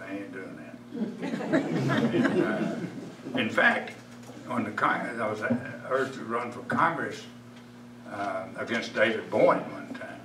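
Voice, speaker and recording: A man's voice: fairly low pitch, background noise. Older man rambling to a crowd. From United States. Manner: folksy, rambling, with restarts. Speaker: guest speaker, retired Air Force officer. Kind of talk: informal speech to an audience. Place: museum event room. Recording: echoey room, distant mic, background ambience.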